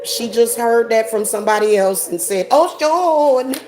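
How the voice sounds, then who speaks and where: A woman's voice: mid-range voice, level tone, moderate pace, music in the background. A woman hosting a casual livestream rant, sassy and mocking, laughing often. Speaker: host.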